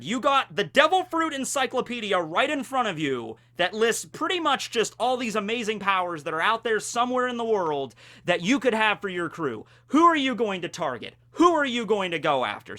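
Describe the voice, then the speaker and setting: A man in his forties hosting his own video, giving casual fan commentary in an animated, jokey way with plenty of fillers. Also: sits high. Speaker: YouTube host.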